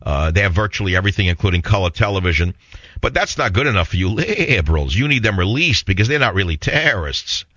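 A man's voice: low voice, big pitch swings, fast, pushed and bright, dry recording, dull audio. A man with a New York accent hosting a talk radio show, combative and sarcastic in a rambling monologue.

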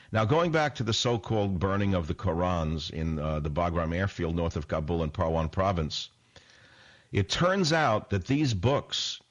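A man rants through a political radio monologue with a low, heavy voice. He is sarcastic and combative, and he keeps challenging his listeners with rhetorical questions. He talks into a close studio microphone. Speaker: radio talk show host.

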